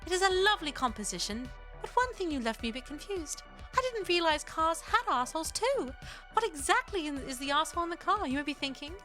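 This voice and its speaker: A woman's voice: high voice, big pitch swings, fast, pushed and bright, soft background music, pitched above the performer's own voice, heavily acted. A woman voicing a prim, sarcastic letter writer in a mock-polite, arch dramatic reading. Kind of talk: dramatic reading of an online post.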